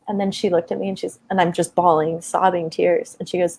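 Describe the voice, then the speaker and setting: A woman's voice: on the low side, little pitch movement, a little fast, creaky, hardly any pauses, darkish tone, husky. A woman in her thirties telling a personal story in a conversation, open and emotional, with many fillers. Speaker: guest.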